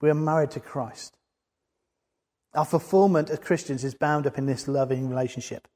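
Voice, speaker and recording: A man's voice: on the high side, fairly even intonation, moderate pace, a little mellow. A man preaching a sermon in an earnest way, building to emphatic peaks. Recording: long hall reverb.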